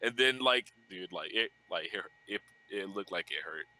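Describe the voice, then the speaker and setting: Bright-voiced young man hosting a podcast. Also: deep voice, lively intonation, moderate pace, rough recording. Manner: loose, swearing, laughs through his own story. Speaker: podcast host. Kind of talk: casual storytelling chat.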